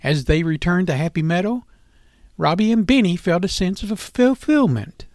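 A man hosting and narrating a children's animal story in a gentle, expressive storytelling manner. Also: high-pitched, moderate pace, no room sound, studio quality.

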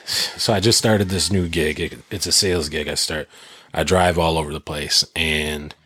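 In a relaxed chat, a man with a very low, husky voice tells of his experiences, cursing freely and building the story with animated energy. He talks at normal speed, and the sound is dry and close with no room sound at all.

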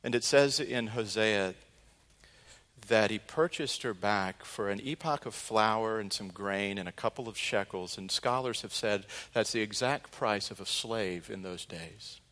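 A male pastor preaching a sermon, telling a story earnestly and dramatically, moving between loud and hushed delivery. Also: fairly low pitch, a little slow.

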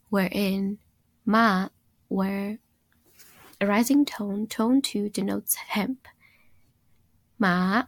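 A young woman, a student, reading a scripted class podcast with careful, slowed-down examples. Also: mid-range voice, gravelly, rough recording. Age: young adult. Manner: careful, scripted delivery with slow spelled-out examples. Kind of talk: read-aloud class podcast.

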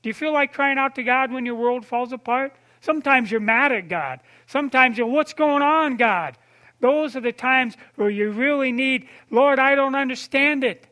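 A man preaching a sermon in a conversational way, asking his listeners questions and dropping to a soft, low voice for tender points. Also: normal speed. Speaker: pastor.

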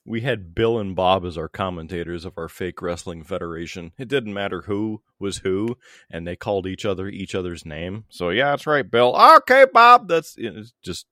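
A man's voice: sits low, moderate pace, no echo, clean studio sound. A middle-aged radio DJ and weatherman, a man, guesting on a podcast in a playful, jokey way. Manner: playful, jokey, breaks into mock voices. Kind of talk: casual podcast chat.

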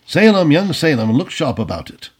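A man voicing a wealthy, miserly old Tory gentleman who gushes and exclaims, in a husky, high-pitched voice. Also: very animated, brisk. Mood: shouting, scolding. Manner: exclamatory, gushing, loud shouting.

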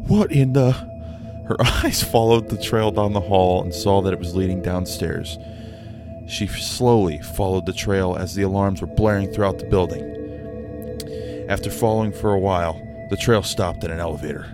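Man, low voice, casual story reading, self-deprecating, music in background. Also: steady tone, moderate pace. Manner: self-deprecating, laughing at his own slips. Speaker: storyteller and channel host.

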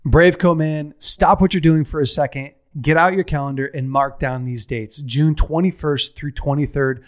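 A man with a mid-range voice reads a promotional spot as the show's host. His delivery is upbeat, energetic and direct. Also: mid-range voice. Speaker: podcast host reading an event promo.

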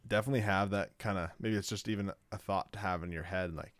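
Low-voiced rambling man. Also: steady tone, fast, fairly bright tone, no room sound. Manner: rambling, full of "like" and restarts. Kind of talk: casual chat.

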